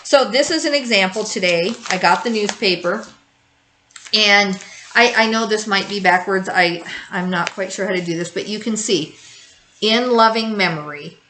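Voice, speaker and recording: A woman's voice: medium pitch, moderate pace, pushed and bright, a little hiss or hum, low-quality recording. Grief vlog host, woman in her 50s, candid and rambling, a mid-range voice. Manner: rambling, talks in circles, with restarts. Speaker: grief-support video host. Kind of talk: candid personal talk to camera.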